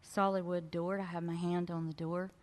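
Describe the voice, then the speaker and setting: A woman speaker with a low voice tells frank, animated stories from a stage and talks straight to the crowd. Her voice carries a long reverb from a big lecture hall. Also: moderate pace. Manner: frank, animated storyteller who addresses the audience directly. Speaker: spiritual speaker. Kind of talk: storytelling presentation to a live audience. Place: lecture hall at a fellowship event.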